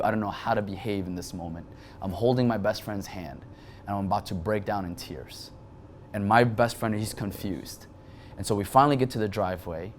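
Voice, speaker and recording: Animated young man telling a story. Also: lowish voice, slight background noise. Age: 20s. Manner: animated, quick bursts with frequent restarts. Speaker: guest. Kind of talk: emotional storytelling in an interview.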